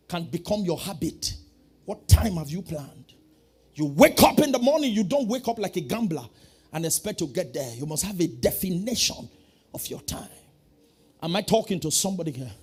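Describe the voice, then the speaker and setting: A man preaching a sermon, calling out to the congregation and swinging from quiet asides to shouting. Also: a little high, slightly rough. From Nigeria. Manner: preaching with call-and-response, swinging from soft to shouting. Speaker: pastor.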